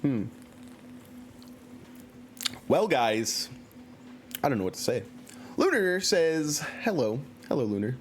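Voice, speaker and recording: A man's voice: mid-range voice, very animated, takes it slowly, long pauses. A man giving casual, joking commentary while streaming a story game and reading chat aloud, into a computer mic at home.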